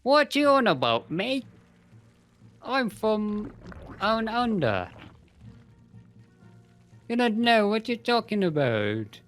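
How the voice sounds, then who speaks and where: A man putting on a put-on Australian accent, voicing an indignant, boastful bloke in an exaggerated, high-pitched way. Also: sing-song, slow, pauses often, fairly bright tone, faint music behind, exaggerated voice.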